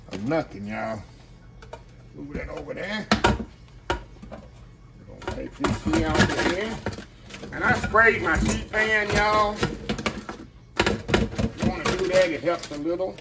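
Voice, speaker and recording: A man's voice: fairly high pitch, measured pace, gravelly, long pauses, heavy background noise. A man hosting a casual home cooking demonstration, chatty and folksy, calling his viewers y'all. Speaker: home cooking channel host. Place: home kitchen.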